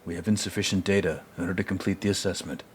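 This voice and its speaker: A man voicing a calm, formal male android officer reporting with flat, precise wording. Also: low-pitched, very fast, husky.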